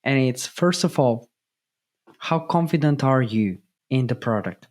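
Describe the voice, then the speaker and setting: A man's voice: medium pitch, lively intonation, unhurried, darkish tone. A man giving a motivational talk as a sales mentor, emphatic and repetitive, often checking in with "okay?". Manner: emphatic, repeats key points, asks "okay?".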